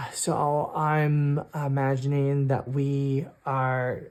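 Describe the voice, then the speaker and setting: A man's voice: medium pitch, darkish tone. A man narrating a solo tabletop game as game master, thinking aloud and hesitating often. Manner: hesitant, full of fillers and restarts, thinking aloud. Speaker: game master and sole player.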